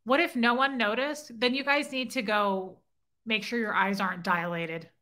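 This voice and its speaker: A woman hosting an informal livestream speaks at normal speed, her voice a little high, steady and sharp, picked up by a phone mic. Between reading viewers' comments aloud, she jokes at her own expense and teases her chat.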